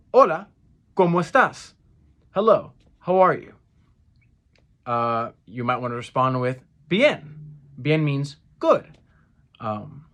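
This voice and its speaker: A young man giving a casual spoken lesson for a church group, earnest and repeating each phrase slowly so listeners can practice. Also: fairly high pitch, fairly bright tone. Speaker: church language teacher.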